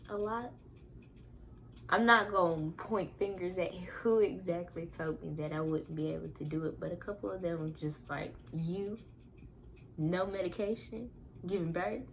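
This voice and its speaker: Young woman, candid vlog storyteller, middle pitch, faint room noise. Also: gravelly. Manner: animated, candid, laughs and acts out shouted quotes. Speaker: vlogger. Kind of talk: casual storytelling.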